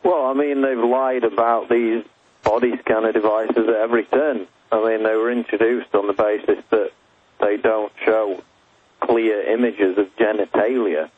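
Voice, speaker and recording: A man calling into a radio show as a guest writer, explaining points in a measured way. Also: lowish voice, fairly even intonation. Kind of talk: radio phone interview. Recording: tinny phone line.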